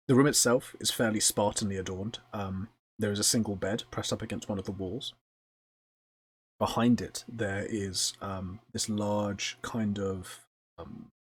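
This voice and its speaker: A man narrating a tabletop game as game master, descriptive and unhurried, with frequent ums and uhs. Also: lowish voice, slight background noise.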